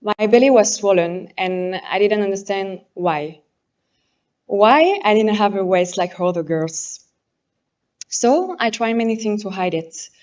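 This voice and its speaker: A woman in her twenties from France, a native French speaker with a French accent, giving an earnest, halting prepared speech as a pageant contestant and correcting herself as she goes. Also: mid-range voice, expressive, darkish tone, highs cut off. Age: 20s. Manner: apologetic and earnest, halting English with self-corrections.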